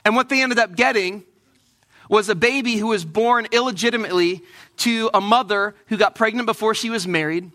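A man preaching a sermon in church, telling a lively personal story and acting out the voices of the people in it. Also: sits high, brisk. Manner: animated storytelling, acts out quoted voices. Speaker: pastor.

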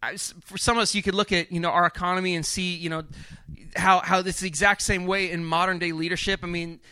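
Conversational male pastor, high and bright, with lots of restarts. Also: quick pace, smooth, no echo. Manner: conversational and animated, with frequent restarts. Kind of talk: sermon.

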